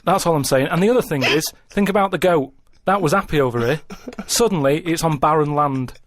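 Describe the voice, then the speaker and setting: A man in casual radio chat, talking in a deadpan, plodding way and keeping on asking "right?" as he reasons things through. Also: on the high side, brisk, dry recording. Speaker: radio show regular. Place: radio studio.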